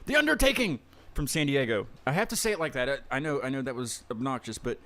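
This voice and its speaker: A man's voice: mid-range voice, lively intonation, fast, a bit bright. A man hosting a casual podcast interview, rambling, stumbling over his words and laughing often. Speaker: podcast host.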